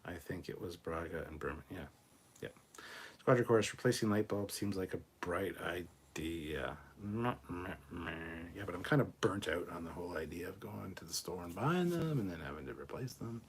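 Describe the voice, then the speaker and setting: A man hosting a casual livestream, reading viewer comments aloud and answering them in a relaxed, off-the-cuff way, swearing freely. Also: low voice, brisk, slight background noise. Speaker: livestream host reading chat. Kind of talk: casual live chat.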